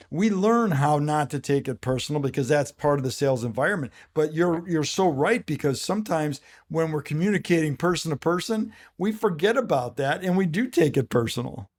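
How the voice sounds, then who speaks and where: A man's voice: on the high side, expressive, moderate pace, hardly any pauses, darkish tone. A man hosting a podcast interview for sales managers, affirming his guest and rambling with restarts. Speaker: podcast host.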